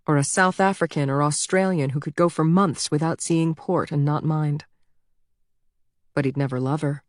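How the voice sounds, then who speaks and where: Brief: female audiobook narrator, low voice, dry close studio sound, measured reading. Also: no echo.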